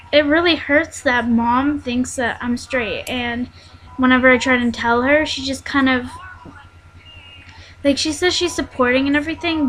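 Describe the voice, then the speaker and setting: Halting, rambling young woman, slightly high. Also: a bit bright, poor audio. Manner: rambling, halting, many fillers and restarts. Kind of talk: personal vlog storytelling. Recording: faint background noise.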